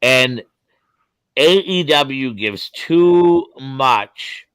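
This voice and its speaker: A man's voice: medium pitch, expressive, drawn-out words, fairly bright tone, clean tone, dry recording. A man hosting a casual wrestling podcast over a video call, laughing often and swearing freely. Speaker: podcast host.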